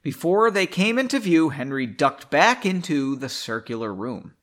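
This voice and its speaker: Man reading his own story, casual, cussing, self-deprecating; lively, slightly high voice. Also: moderate pace. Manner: profane, self-mocking asides; stumbles and rereads lines. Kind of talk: casual read-aloud with commentary.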